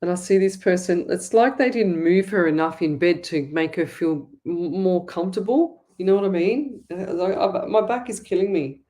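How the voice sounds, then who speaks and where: A woman's voice: lowish voice, normal speed, hardly any pauses, mellow. Chatty woman giving psychic readings. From Australia. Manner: rambling, chatty, many restarts, talks straight to viewers. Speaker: psychic medium host. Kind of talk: live call-in psychic reading show.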